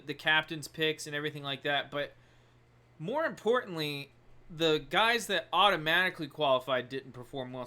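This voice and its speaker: A man's voice: a little high, pushed and bright. A man co-hosting a sports podcast, talking casually in a playful, teasing way and laughing often. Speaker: podcast co-host. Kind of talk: casual chat.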